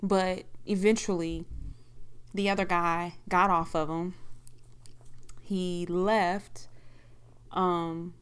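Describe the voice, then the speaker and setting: A woman's voice: on the low side, flat delivery, extremely slow, long pauses, clean tone. A woman telling a personal story in a frank, profane, rambling conversational way.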